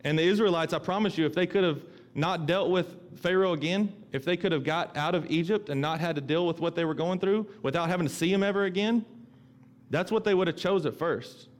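A man's voice: sits high, a little fast. A middle-aged male pastor preaching a sermon in a conversational way, often repeating himself and acting out the voices he quotes.

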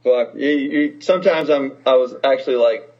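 Male musician guest, lively and profane storyteller, mid pitch, muffled lo-fi audio. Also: normal speed. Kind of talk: casual conversation. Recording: dull lo-fi sound.

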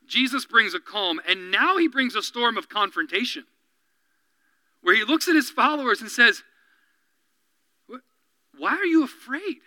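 A man preaches with a strikingly high, piercing voice that cuts through clearly. He swings from animated delivery to hushed, intense asides, acting out little voices as he goes. The sound is dry, with no room around it. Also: dry recording, rough recording. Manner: acts out quoted voices and dialogue. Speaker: pastor. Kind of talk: sermon.

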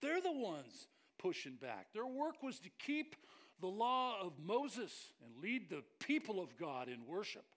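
A male pastor delivers a lively sermon in a high, bright register. His pitch leaps and swoops as he builds emphasis. He jokes with the congregation between points. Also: a little slow. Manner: animated, joking with the congregation.

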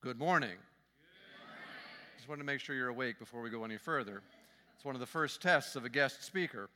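A man preaching as a guest speaker, friendly and joking as he talks to the congregation. His voice is bright and forward, and a long reverb hangs in the church around him. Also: medium pitch. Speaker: guest speaker, fundraising consultant. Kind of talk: sermon with humor. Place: church sanctuary.

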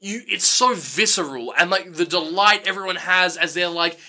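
A man with a high, very bright voice chats about an old film with a friend, trailing off into fillers and sweary asides. His talk is loose and rambling. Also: moderate pace. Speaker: podcast co-host. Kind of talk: casual movie-review banter.

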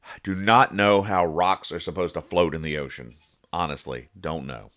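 A man whose voice sits low and a bit bright speaks at a normal speed while hosting a relaxed podcast. He reads comics, rambling along with jokes and explaining each punchline.

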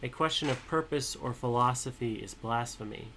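Podcast co-host, male, bright edgy tone, deadpan humor, reads verse deliberately, faint noise behind. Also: mid-range voice. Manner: dry, teasing, measured when reading. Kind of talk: casual chat and poetry reading.

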